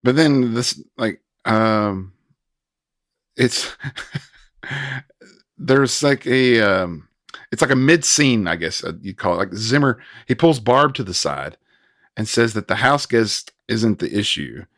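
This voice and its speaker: A man in his thirties co-hosting a casual film review chat, recapping scenes with quick asides and frequent laughs. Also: fairly low pitch, expressive, a bit bright, no echo, studio quality. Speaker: podcast co-host.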